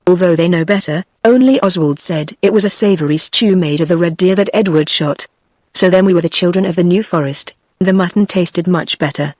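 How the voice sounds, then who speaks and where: A text-to-speech woman's voice with a British English accent, reading a children's novel aloud at an even, unhurried pace. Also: on the low side, no room sound. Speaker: narrator.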